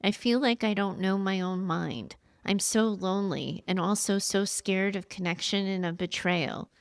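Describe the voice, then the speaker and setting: A woman podcast host slowly and earnestly reading a listener's letter aloud. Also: mid-range voice, clear, resonant tone, dry recording, clean studio sound. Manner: heartfelt, slow and earnest reading.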